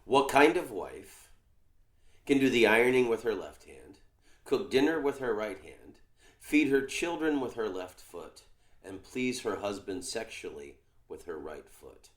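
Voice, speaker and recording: A man's voice: lowish voice, lively intonation. Rambling male comedian in echoey room. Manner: rambling, halting, many fillers. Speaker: podcast host, comedian. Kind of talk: casual chat.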